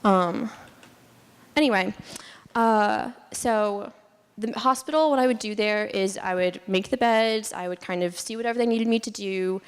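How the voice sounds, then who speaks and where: A young woman gives a casual student presentation in a mid-pitched voice, chatty and full of fillers. She laughs often as she talks. A long hall reverb trails behind her voice. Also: a little slow, smooth. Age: young adult. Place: lecture hall.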